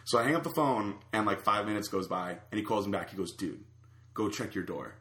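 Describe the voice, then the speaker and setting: A man's voice: fairly low pitch, brisk, roomy sound. A man casually telling a long anecdote, acting out the other people's lines. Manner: animated storyteller acting out quotes. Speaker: storyteller guest.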